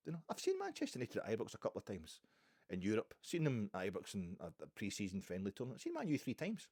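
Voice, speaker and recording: A man from Ayrshire with a Scottish accent, chatting on his own about football in a rambling, animated way, full of asides and restarts. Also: fairly low pitch, fast talker, breathy edge, dry recording, studio quality. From Ayrshire, Scotland. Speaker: football podcast host. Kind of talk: rambling solo football chat.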